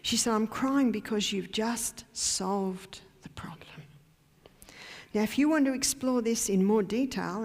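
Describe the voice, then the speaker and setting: A woman's voice: medium pitch, a little mellow. An Australian woman giving a health lecture in a church hall, emphatic and quizzing her audience with questions. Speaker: health educator. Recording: long hall reverb.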